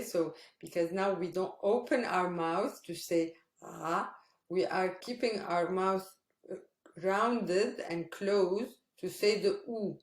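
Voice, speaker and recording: Slow, patient woman teaching pronunciation. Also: mid-range voice. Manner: patient, repeats sounds slowly for practice. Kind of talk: online language lesson. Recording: roomy echo.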